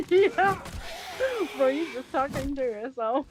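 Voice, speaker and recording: A young woman livestreamer telling a story in casual chat, animated, swearing often and laughing. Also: sits high, slow pace.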